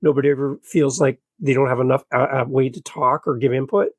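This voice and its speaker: A middle-aged man, a podcast guest, telling a personal story in an animated, earnest, motivational way. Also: medium pitch, brisk, dry recording. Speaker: podcast guest and show host. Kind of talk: conversational storytelling.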